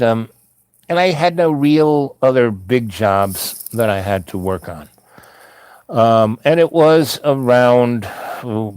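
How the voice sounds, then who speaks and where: A man's voice: medium pitch, a little mellow, dry recording. Rambling man telling a story. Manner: loose, meandering, full of "you know" asides. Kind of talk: rambling personal anecdote.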